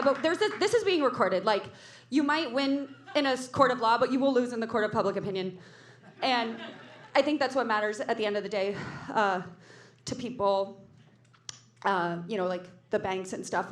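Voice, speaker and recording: A woman in her thirties hosting a comedy club show, her voice sitting high as she rambles through stand-up and keeps cutting herself off mid-thought. It rings out in an echoey club room. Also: a bit bright. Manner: rambling, self-interrupting, jokey.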